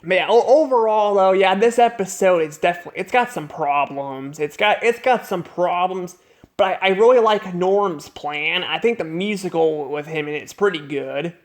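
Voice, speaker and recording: Male cartoon reviewer, slightly high voice, unscripted, halting delivery full of restarts. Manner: rambling, halting, many restarts and repeated words.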